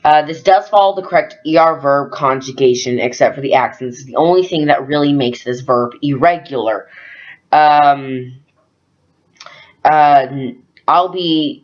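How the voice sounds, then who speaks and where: A young man tutoring French verbs in a loose, chatty way, filling pauses with ums and uhs. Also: medium pitch. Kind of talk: casual screen-recorded lesson. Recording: dull lo-fi screen recording.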